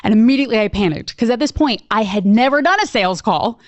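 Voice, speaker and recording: A woman sales coach telling a story in a webinar, animated and acting out her own reactions. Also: on the high side, fast talker, no echo. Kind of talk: storytelling presentation.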